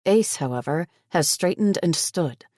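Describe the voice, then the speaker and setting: Woman, audiobook narrator, first-person, blunt, sarcastic, low voice, close dry mic. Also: lively intonation, unhurried, dark tone, no room sound. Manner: blunt, sarcastic, heavy swearing.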